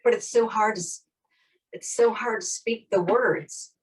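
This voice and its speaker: A woman's voice: fairly high pitch, measured pace. A woman co-hosting a casual conversation, mostly offering short, supportive reactions and brief comments. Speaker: podcast co-host. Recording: voice distant from the mic.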